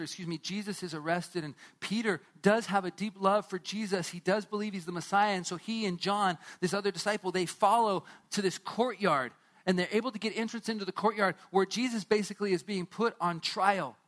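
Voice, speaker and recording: A pastor with a fairly high voice, preaching and retelling a story with drama and emphasis. He speaks straight to his congregation, drawing them into the scene. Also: brisk, fairly bright tone. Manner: storytelling, dramatic, direct to listeners. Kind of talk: sermon.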